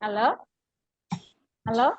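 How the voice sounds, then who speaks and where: A woman with an Indonesian accent, a university lecturer teaching an English lesson, speaking haltingly with many fillers and questions to her class. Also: on the high side, husky, no room sound, muffled recording.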